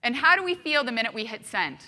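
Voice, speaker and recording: Woman doing a keynote talk, highish voice, bright and forceful, animated, keeps asking the crowd stuff. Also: fast talker, in a large hall. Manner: animated, asks the audience rhetorical questions. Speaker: keynote speaker. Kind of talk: motivational talk to a live audience.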